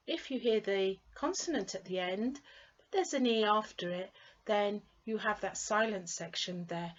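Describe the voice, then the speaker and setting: A British woman teaches pronunciation in a slow, unhurried way, her pitch sitting at an ordinary middle height. She draws out each model word with clear care and patiently repeats it for the listener to copy. The recording sounds a little dull and muffled. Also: a bit bright. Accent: British English. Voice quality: clearly enunciated, drawn-out model words. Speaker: English pronunciation tutor. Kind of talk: pronunciation lesson.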